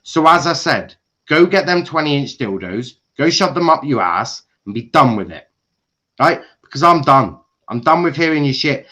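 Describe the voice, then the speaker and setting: A man ranting furiously on a football livestream, swearing and shouting at club owners. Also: on the high side, very animated, normal speed. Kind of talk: angry fan rant on a livestream.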